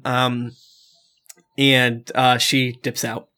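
A man running a tabletop game as dungeon master, animated and quick to laugh. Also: medium pitch, smooth. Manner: animated, laughs often, quick character voices.

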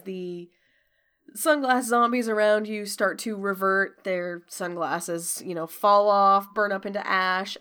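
A woman narrating as game master of a tabletop role-playing game, casual and given to quick self-corrections. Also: medium pitch, pushed and bright.

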